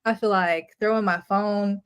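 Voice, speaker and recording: Young woman on a podcast, mid-pitch, laid back, lots of filler words. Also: measured pace, clear, resonant tone. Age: young adult. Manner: relaxed and conversational, peppers speech with "like". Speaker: podcast guest. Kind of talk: casual podcast chat.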